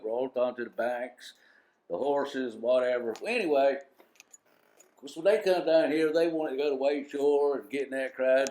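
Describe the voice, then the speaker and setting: A man's voice: medium pitch, darkish tone. A man with a Harkers Island brogue, telling rambling fish-house stories to a live audience as co-host. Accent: Harkers Island brogue, coastal North Carolina. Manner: rambling, self-interrupting yarn-spinner. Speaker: storyteller co-host. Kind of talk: live storytelling before an audience. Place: museum parlor talk.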